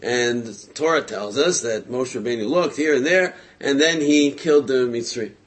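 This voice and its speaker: A man telling a religious story in a casual, lively way, with frequent hesitations, fillers and chuckles. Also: medium pitch, normal speed.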